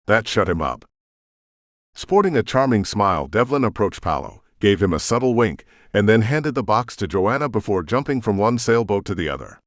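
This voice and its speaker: A man narrating an audiobook in an expressive storytelling manner, in a studio booth. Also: fairly low pitch, normal speed, dry recording. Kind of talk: scripted narration.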